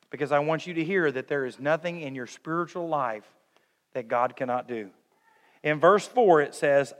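A middle-aged man preaching a sermon, swinging between loud urging and hushed, tender lines. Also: medium pitch. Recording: long hall reverb.

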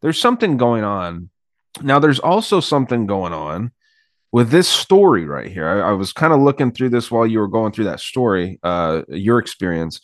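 A man's voice: lowish voice, very animated, moderate pace, dry recording, studio quality. A man co-hosting a casual podcast, talking loosely with many fillers and some swearing. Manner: hedging, filler-heavy, swears. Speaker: podcast co-host. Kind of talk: casual chat.

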